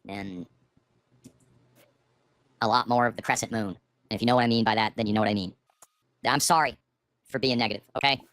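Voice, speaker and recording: A middle-aged man vents on a livestream from his home, cursing and bitter. His voice is tense and forceful, and his despair is plain. His streaming microphone keeps the sound close. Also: fairly low pitch, fairly even intonation, a little fast, pauses often, no echo. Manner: bitter, profane, despairing ranting. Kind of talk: livestream rant. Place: at home, seated. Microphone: streaming microphone with auto gain.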